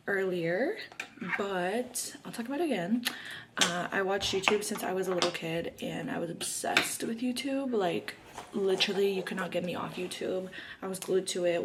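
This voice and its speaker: A bubbly young woman in her early twenties talks to camera while doing her makeup, her sentences full of "like." Her voice sits at an ordinary mid pitch, and the faint hiss behind her never quite fades. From Arizona, USA. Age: early 20s. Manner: chatty and bubbly, heavy use of "like" fillers. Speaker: YouTuber. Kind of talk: casual get-to-know-me chat while doing makeup.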